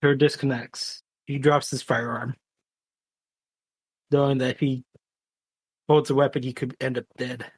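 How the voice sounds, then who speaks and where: A man playing a tabletop role-playing game, describing his character's actions in short, low-key lines. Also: flat delivery, a little slow, pauses often, slightly rough, no echo. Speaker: player.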